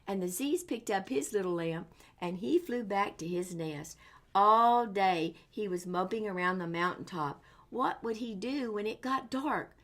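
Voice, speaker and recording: A woman reads a picture book aloud to children in an animated storytime voice. She exclaims often and pauses to ask her young listeners questions. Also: medium pitch.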